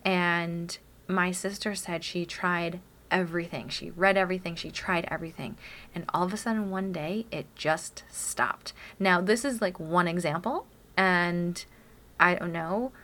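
Female co-host, bright and slightly low, thoughtful storyteller. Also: unhurried. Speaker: podcast co-host. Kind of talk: casual parenting chat.

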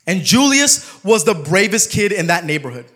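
A young man preaching a sermon, telling stories with humor and turning soft and emotional. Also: sits high, big pitch swings, moderate pace.

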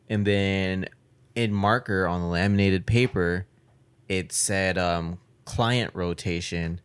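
A man's voice: sits low, smooth. A young man in casual chat, telling work stories in a laid-back, slangy way with plenty of swearing.

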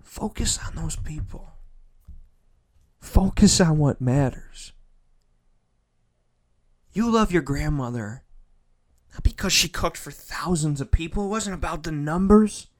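A man giving a heartfelt motivational monologue. He repeats phrases for emphasis and swings between loud, pushing lines and soft, near-whispered ones. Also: a little high, expressive, slow pace, long pauses.

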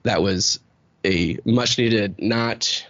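A man's voice: fairly low pitch, very slow, a bit bright, dry recording, lo-fi sound. A man in his thirties hosting a podcast, talking in a rambling, candid way with lots of fillers and casual swearing. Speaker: podcast host. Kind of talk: casual chat.

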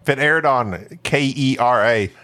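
A man's voice: mid-range voice, measured pace, sharp tone, no room sound. A man co-hosting a podcast, bantering casually and trading quips. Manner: playful, chimes in with quips and put-on voices. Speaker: podcast co-host.

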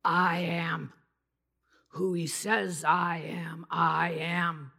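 A woman's voice: fairly low pitch, flat delivery, extremely slow, gravelly, bright, forceful tone, full character voice. Woman quoting a towering bearded man singing. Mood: hushed.

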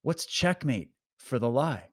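An online commentator, a man with a medium-pitched, very animated voice, speaks slowly as he gives an impassioned motivational monologue. He preaches to his audience, urging and exhorting them and building to emphatic peaks.

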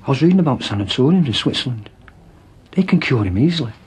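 A man's voice: mid-range voice, animated, fast talker, breathy edge. An actor playing a worried father anxiously asking about the cost of curing his son. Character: worried working-class father of a sick boy.

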